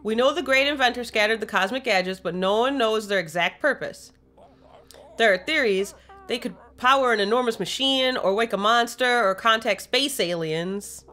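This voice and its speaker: A woman voicing a fussy, bookish professor in a game, reading his lines in a measured, scholarly way. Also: on the high side, sharp tone. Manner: measured, scholarly, slightly hesitant.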